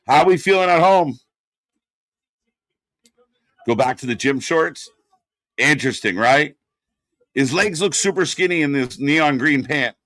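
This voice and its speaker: A man's voice: fairly high pitch, expressive, unhurried, pauses often, fairly bright tone, dry recording, clean studio sound. A man hosting a live wrestling watch-along stream, chatting casually and bluntly with plenty of swearing while answering chat. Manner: casual and profane, reads chat aloud.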